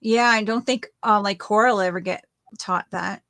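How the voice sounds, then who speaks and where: A woman's voice: mid-range voice, fairly even intonation, moderate pace, fairly bright tone, dry recording. Middle-aged woman, casual crafting chat, chatty rambling storyteller, dry close mic, mid-range voice. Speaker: co-host.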